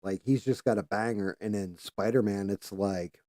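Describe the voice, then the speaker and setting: Low mellow-voiced man chatting on a stream. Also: fairly even intonation, normal speed, no room sound. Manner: rambling, casual, swears freely; talks while doing careful handwork, trails off at times. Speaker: livestream host. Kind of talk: casual livestream chat while painting.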